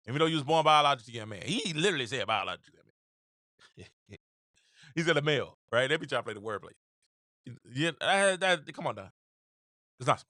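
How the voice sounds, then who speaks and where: A man's voice: a little high, lively intonation, fast, long pauses, sharp tone, no echo, studio quality. A man hosting his own show, giving opinionated casual commentary, repeating phrases for emphasis and acting out quotes. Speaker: podcast host.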